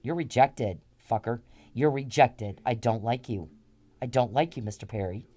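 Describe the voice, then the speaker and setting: A woman's voice: extremely low pitch, moderate pace, mellow. A woman hosting a podcast, delivering an angry, repetitive, profane monologue aimed straight at one man. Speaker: podcast host.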